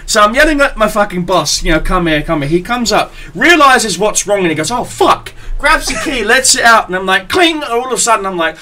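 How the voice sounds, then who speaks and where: A man's voice: high voice, big pitch swings, a little fast, hardly any pauses, pushed and bright, a little hiss or hum. A young man, hosting a podcast and telling a crude story in a loose, laughing way. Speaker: podcast host. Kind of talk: casual storytelling.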